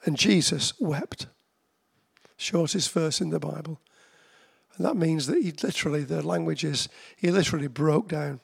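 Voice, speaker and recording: A man preaches a sermon in a voice that is high for a man, with a gravelly, creaky edge. He addresses listeners conversationally, then slows right down to drive home repeated phrases emphatically.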